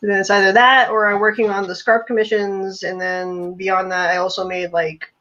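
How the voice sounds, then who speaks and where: A woman's voice: medium pitch, flat delivery, moderate pace, sharp tone. A young adult woman co-hosting a podcast, chatting in a rambling way with lots of restarts. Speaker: podcast co-host. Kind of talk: casual chat. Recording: muffled lo-fi audio.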